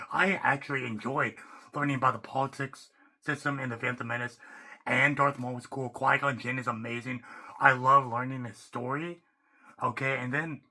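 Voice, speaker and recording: Man, very sharp bright voice, unscripted fan rant, rambling, excitable, casual swearing. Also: mid-range voice. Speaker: YouTuber.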